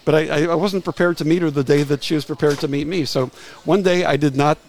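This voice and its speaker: Halting older man telling anecdotes. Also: a little high, steady tone, darkish tone, low-quality recording. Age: 60s. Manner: halting, restarts phrases with frequent repeated words. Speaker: guest, retired music publicist. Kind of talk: casual anecdotal storytelling.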